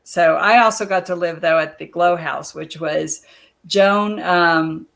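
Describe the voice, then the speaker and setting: A chatty woman telling long stories on a video call. She is a lively storyteller who laughs easily between anecdotes. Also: fairly low pitch, a little slow, gravelly. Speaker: guest, former wrestler. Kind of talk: casual interview chat.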